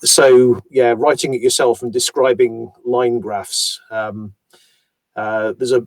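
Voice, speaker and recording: In a dry recording, a man with a mid-range, somewhat mellow voice talks about narrating audiobooks. The conversational interview finds him explaining his craft at length in a thoughtful, self-deprecating manner.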